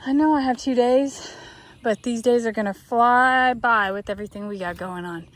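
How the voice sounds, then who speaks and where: A woman's voice: on the high side, moderate pace. A woman chatting casually to the camera outdoors on a farm while doing chores. She talks to herself and makes playful asides to her viewers. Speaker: vlogger and horse owner.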